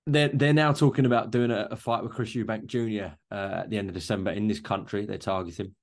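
A man with a fairly low voice hosts an interview. He asks short, measured questions and lets his guest talk. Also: steady tone. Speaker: podcast interviewer.

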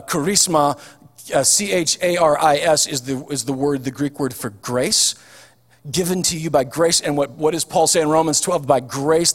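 Man, pastor, folksy sermon, fairly high voice, long church reverb. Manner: folksy, chatty preaching with frequent ums and restarts. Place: church hall.

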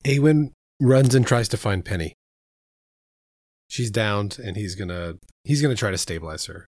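A man's voice: on the low side, lively intonation, moderate pace, darkish tone, no room sound, studio quality. A man playing a tabletop game, thinking aloud and describing his character's actions step by step. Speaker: player. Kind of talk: casual tabletop play.

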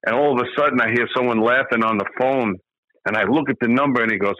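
A middle-aged man, a former hitting coach, guesting on an interview and telling lively anecdotes. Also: mid-range voice, quick pace, no room sound. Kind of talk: conversational storytelling. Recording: slightly muffled, dry sound.

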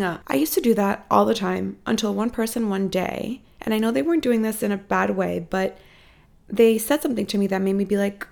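Gravelly-voiced woman giving a profane pep talk. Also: medium pitch, a little fast. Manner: expressive, profane, animated emphasis. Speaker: podcast host. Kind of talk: casual motivational pep talk. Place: apartment room at home.

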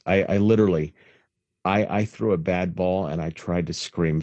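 A hoarse, sick-sounding man on a phone call, telling crude rambling stories in casual podcast chat. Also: deep voice, steady tone, moderate pace, darkish tone, no room sound. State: hoarse from illness. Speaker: podcast co-host.

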